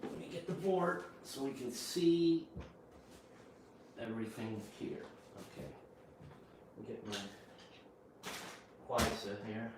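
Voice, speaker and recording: A man teaching English pronunciation in a home kitchen, slowly repeating each word in a drill. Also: mid-range voice, animated. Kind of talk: slow vocabulary drill lesson. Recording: echoey room, voice from a distance, faint hiss.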